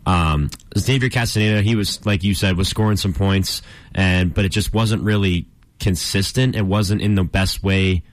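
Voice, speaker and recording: A man's voice: low-pitched, fairly even intonation, moderate pace, no room sound. A young man co-hosting a radio sports show, trading dry teasing jabs. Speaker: co-host. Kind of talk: casual sports chat.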